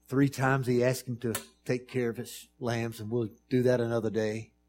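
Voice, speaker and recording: A man preaching a sermon, moving between hushed pleading and loud, emphatic storytelling with repeated rhythmic phrases. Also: medium pitch, little pitch movement, moderate pace, slight background noise.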